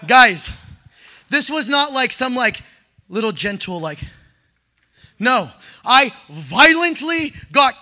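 Young man, very high voice, sharp bright tone, excitable slangy storytelling, bursts of shouting. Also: slow pace, long pauses. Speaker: storyteller sharing a testimony. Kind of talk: animated personal testimony.

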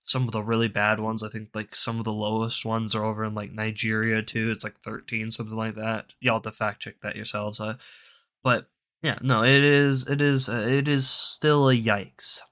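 A man's voice: lowish voice, level tone, normal speed, pushed and bright. A young man of about eighteen hosting a solo commentary show, ranting with heavy swearing and rambling off on tangents. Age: young adult, about 18. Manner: profane, rambling, goes off on tangents. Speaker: show host.

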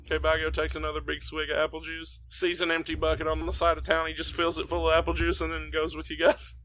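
A man's voice: a little high, monotone, fast, a bit bright, rough recording. A man playing a tabletop game, talking in an upbeat, cheerful way. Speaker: player. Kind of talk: casual tabletop game chat.

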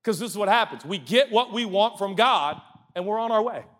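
Animated high-voiced male preacher. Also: a little fast. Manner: animated, joking, rhetorical questions. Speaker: pastor. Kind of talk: sermon.

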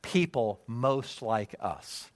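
A male pastor preaching a sermon, emphatic and animated, checking in with the congregation through rhetorical questions. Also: medium pitch, very slow, no echo.

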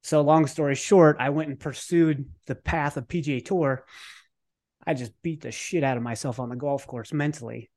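Male guest, slightly high voice, animated casual storyteller, drops a curse now and then. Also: moderate pace. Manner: animated, acts out his own thoughts in quotes; casual, with fillers and occasional cursing. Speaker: podcast guest. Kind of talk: conversational storytelling.

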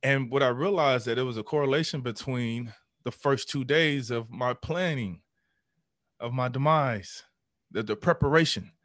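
Man, thirties, podcast guest, emotional storytelling, bursts of animated re-enacting, dry close sound. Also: medium pitch, normal speed, no room sound. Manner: animated, acts out his own past voice.

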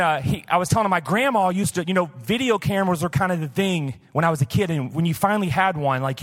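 Chatty high-voiced man preaching. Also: a bit bright, big-room sound. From Missouri Boot Heel, USA. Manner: chatty, candid, many "like" fillers. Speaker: pastor. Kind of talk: casual live sermon. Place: church auditorium, live.

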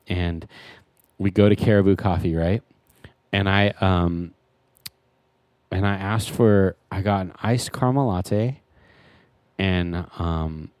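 Man, conversational storyteller, animated, indignant peaks, dry booth sound. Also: dry recording. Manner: animated storyteller, voice jumps high when indignant. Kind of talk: casual chat.

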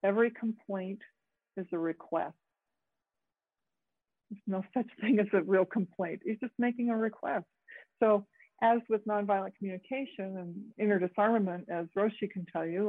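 A woman facilitator teaching a group over a video call, talking haltingly with many fillers and restarts. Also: mid-range voice, no echo. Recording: tinny phone-like call audio, dry.

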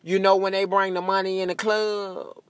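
A man's voice: sits high, little pitch movement, moderate pace, clean tone, no room sound. A man delivering a profane comic rant, laughing often at his own jokes. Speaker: comedian.

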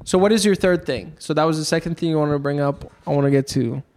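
A young man co-hosting a casual podcast, teasing and interjecting with quick questions. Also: a little high, a little mellow. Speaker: podcast co-host. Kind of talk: casual chat.

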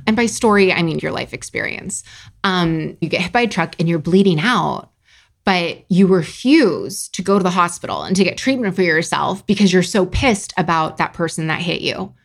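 Speaking at a moderate pace with lively intonation, this woman in her 30s runs a solo coaching podcast, a casual monologue full of candor, profanity and jokes at her own expense. Her voice is lowish and gravelly.

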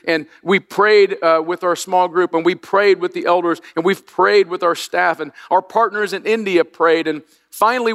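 An older man preaches from the pulpit in an earnest, personal way, often restarting his sentences as he tells his story. His voice sits a little high for a man. The sound carries the long reverb of a large church hall. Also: a bit bright. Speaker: pastor. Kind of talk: sermon. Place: church sanctuary.

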